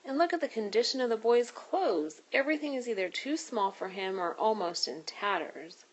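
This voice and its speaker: A woman's voice: fairly high pitch, animated, moderate pace, dull audio. A woman voicing a caring, scolding grown woman in a read-aloud storybook. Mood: indignant. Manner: fussing and motherly.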